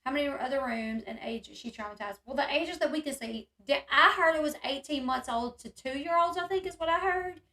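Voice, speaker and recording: A woman hosting a live online discussion reads viewers' comments from the chat and responds with indignation. Her high, bright voice has a forceful tone, and she speaks fairly quickly with few pauses in a roomy-sounding space.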